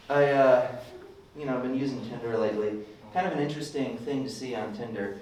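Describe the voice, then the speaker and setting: A man's voice: mid-range voice, moderate pace, pauses often, a little mellow. A young man doing a rambling, self-deprecating stand-up set at an open mic, slipping into ranting voices now and then. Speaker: stand-up comedian. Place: club open mic room. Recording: echoey room, distant mic, faint hiss.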